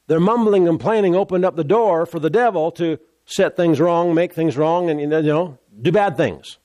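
A man preaching a sermon, emphatic and repetitive, pausing to stress his points. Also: fairly high pitch, mellow, no room sound.

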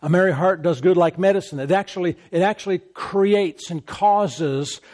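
A male pastor preaches with emphatic, repetitive phrasing. He breaks into deliberate laughs as he makes a point. His voice sits a bit higher than most men's. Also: a little mellow. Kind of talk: sermon.

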